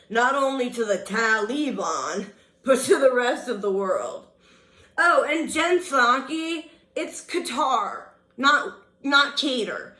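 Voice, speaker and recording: A woman speaking slowly and deliberately in a somewhat high voice, delivering a scathing, sarcastic rant. Her words ring with a noticeable room echo. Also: a bit bright. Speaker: vlogger. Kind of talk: ranting political monologue. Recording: roomy echo.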